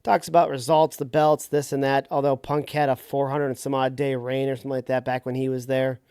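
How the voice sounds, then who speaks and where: A man's voice: medium pitch, little pitch movement, a little fast, a little mellow, clear, resonant tone, no echo. A man co-hosting a casual wrestling podcast, rambling loosely and laughing easily. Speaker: podcast co-host.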